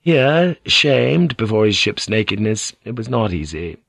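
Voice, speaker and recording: A man reads an audiobook in a low, steady voice that is creaky and slightly rough, with measured, dramatic pacing. His delivery is even and scripted, and the close, completely dry recording has no room echo.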